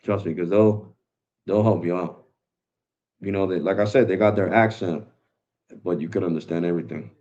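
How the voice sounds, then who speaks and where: Casual male tech streamer, low voice, slangy and relaxed, muffled lo-fi audio. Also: moderate pace, pauses often. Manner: laid-back, slangy, calls viewers bro. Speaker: tech live stream host. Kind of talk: casual live stream talk. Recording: dull lo-fi sound.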